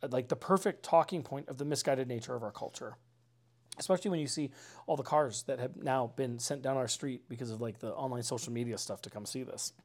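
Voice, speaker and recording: Conversational pastor, casual sermon delivery. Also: male voice, a little high. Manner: conversational, peppered with "like" and "right?"; earnest, with dry mocking asides. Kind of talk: informal sermon.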